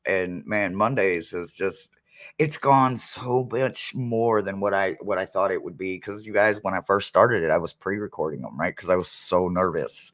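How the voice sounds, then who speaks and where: A man's voice: medium pitch, a bit bright. A man hosting a casual livestream as a psychic medium, chatty and laughing often as he talks to his viewers.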